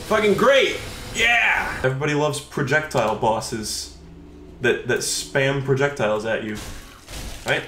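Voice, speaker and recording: A man giving live gameplay commentary as a streamer, frustrated, sarcastic and profane, often yelling at the game. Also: mid-range voice, reverberant. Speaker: gaming streamer.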